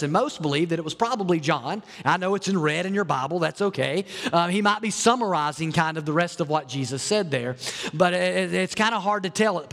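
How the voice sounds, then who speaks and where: A man's voice: high voice, fairly bright tone, big-room sound. A man preaching a sermon as a pastor, earnest and often repeating or restarting his words.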